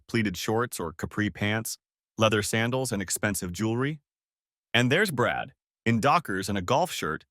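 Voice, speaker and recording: A man narrating an audiobook story in a dramatic, expressive reading. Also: on the low side, dry recording, studio quality.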